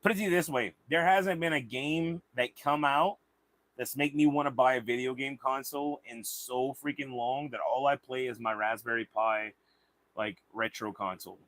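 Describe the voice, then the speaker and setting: A man's voice: medium pitch, moderate pace, fairly bright tone, no room sound. A man hosting a livestream in casual chat, rambling and swearing freely. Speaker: livestream host.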